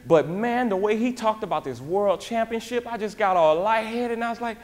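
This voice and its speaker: Man, motivational speaker, fairly high voice, lively and folksy, in a big reverberant hall. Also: moderate pace. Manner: animated, folksy, repeats "man" and "y'all". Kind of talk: live motivational talk.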